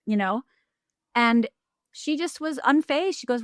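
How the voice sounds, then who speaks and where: A middle-aged woman telling a personal story in an animated way, acting out the voices she quotes, with quick bursts and restarts. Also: fairly high pitch, no room sound, clean studio sound. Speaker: podcast guest, life coach.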